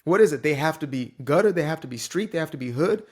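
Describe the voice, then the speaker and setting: A man's voice: on the high side, lively intonation, fast, breathy edge. A young man from the Bay Area giving a casual, emphatic, preachy opinion monologue as a commentator. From San Francisco Bay Area.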